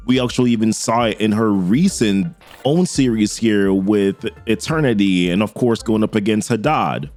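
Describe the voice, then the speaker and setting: An enthusiastic man recaps a comic issue in casual, filler-laced commentary. His pitch swings widely and animatedly, with faint music underneath. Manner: enthusiastic, filler-heavy narration. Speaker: comic book reviewer.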